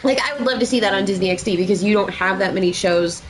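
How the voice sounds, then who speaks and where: A young woman co-hosting a podcast, telling stories in an excitable, laughing way, with phlegm in her throat. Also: mid-range voice, over music. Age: young adult. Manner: excitable, laughing, quick storytelling. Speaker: podcast co-host. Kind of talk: casual chat.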